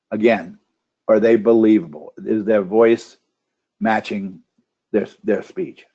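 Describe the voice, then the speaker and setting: A man with a somewhat low voice teaches a webinar for contest judges. He rattles off a steady string of questions about the speaker's delivery. The audio is muffled and lo-fi, as over a computer mic. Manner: asks a string of checklist questions, with restarts. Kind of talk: instructional webinar talk. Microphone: computer microphone on a webinar call.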